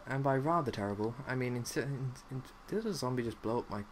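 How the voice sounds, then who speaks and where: Quick and lively in intonation, a young man with a mid-range voice gives rambling, goofy commentary on a zombie game, bouncing between odd subjects and saying "like" often. There's a little hiss or hum.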